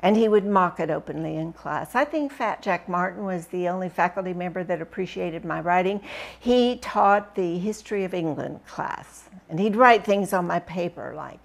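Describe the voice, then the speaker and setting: A woman reading a first-person memoir aloud with expressive, dramatic storytelling. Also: on the low side, moderate pace, creaky. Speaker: book reviewer reading aloud.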